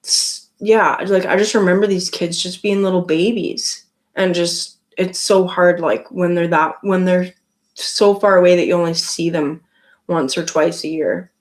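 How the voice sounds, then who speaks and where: A woman's voice: fairly low pitch, steady tone, a little slow. Chatty Canadian woman streaming live. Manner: chatty, rambling, many likes and restarts. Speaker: livestream host. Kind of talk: casual live-stream chat with viewers.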